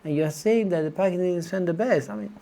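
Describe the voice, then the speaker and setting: Exasperated Italian man ranting, mellow voice. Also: high voice, quick pace, a little hiss or hum. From Italy. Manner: animated, exasperated, many restarts. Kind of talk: casual ranting vlog to camera. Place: home kitchen. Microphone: camera on small tripod.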